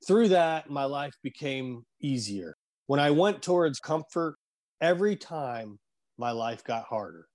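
A man telling an emotional personal story in conversation, earnest and halting, at times choked up. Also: mid-range voice, lively intonation, darkish tone. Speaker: guest.

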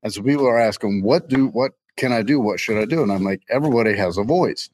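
A man's voice: fairly low pitch, quick pace, a little mellow, poor audio. A middle-aged man co-hosting a casual faith podcast, rambling and joking, laughing often. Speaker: co-host.

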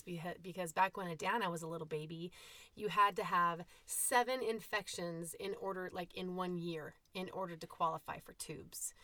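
Candid, bright-voiced mom telling stories. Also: female voice, fairly low pitch, no echo. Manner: candid, animated, quotes herself in asides. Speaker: podcast host, mother of eight. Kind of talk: casual personal storytelling.

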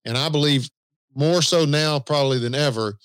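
A man's voice: fairly high pitch, moderate pace, fairly bright tone, no room sound. A man with a Southern US accent co-hosting a podcast in easygoing, self-deprecating casual chat. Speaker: podcast co-host.

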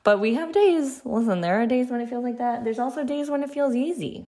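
A woman's voice: fairly high pitch, a little fast, dark tone. A woman in her thirties hosting a podcast, telling a personal story in a candid, chatty way with many fillers. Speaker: podcast host.

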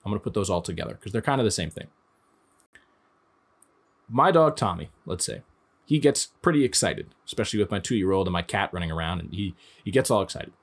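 A man's voice: low-pitched, expressive, fairly quick, gravelly, pauses often. Conversational man in his thirties teaching. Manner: conversational, explains through everyday examples. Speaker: dog trainer. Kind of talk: instructional talk.

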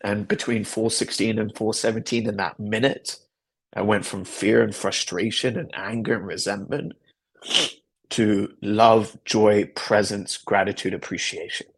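Gravelly-voiced man telling a personal story. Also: lowish voice, fairly even intonation, measured pace. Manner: earnest, reflective storytelling with repetition. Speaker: podcast host. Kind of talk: personal story, motivational talk.

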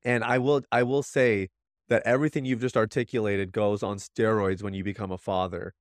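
A man's voice: fairly low pitch, flat delivery, a little fast, no room sound, clean studio sound. A man in his thirties, a podcast guest, talking earnestly and reflectively in casual conversation, with many restarts.

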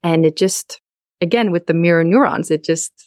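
A woman's voice: on the low side, normal speed, a little mellow, no room sound, studio quality. A young woman talking candidly and emphatically in a conversation, frank and outspoken. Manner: frank, emphatic, openly explicit.

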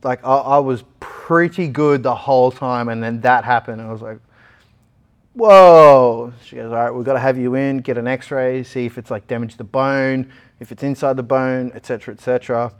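A man's voice: mid-range voice, fairly quick, smooth. Australian man telling his story. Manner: animated retelling, acting out other people's lines. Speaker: interview guest. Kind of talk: storytelling in a casual interview.

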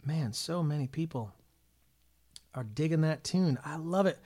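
Chatty upbeat man, slightly high voice. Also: measured pace, warm tone, breathy edge. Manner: upbeat, chatty, full of ums and uhs. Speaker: worship leader and musician hosting a livestream. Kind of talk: casual livestream chat.

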